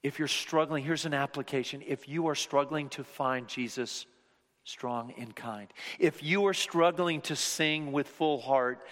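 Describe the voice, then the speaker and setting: A man preaching a sermon as pastor, swinging between loud, emphatic passages and hushed whispers. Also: fairly high pitch, a little slow. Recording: reverberant hall.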